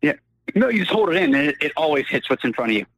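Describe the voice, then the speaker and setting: Brief: podcast guest, man, fairly high voice, dry sound, animated ranting storyteller. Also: very fast, dry recording, rough recording. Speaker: guest caller. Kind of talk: casual podcast chat.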